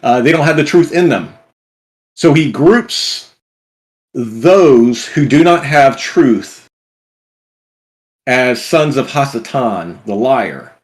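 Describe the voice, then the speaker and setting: A man's voice: mid-range voice, expressive, slow, pauses often. A man in a casual bible study discussion, explaining his points in short, searching phrases. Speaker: guest commentator.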